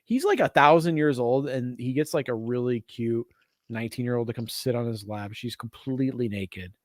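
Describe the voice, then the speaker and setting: A man's voice: medium pitch, moderate pace, no echo. Crude joking man on a dry mic. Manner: crude, joking, puts on voices. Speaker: podcast co-host. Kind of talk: casual chat.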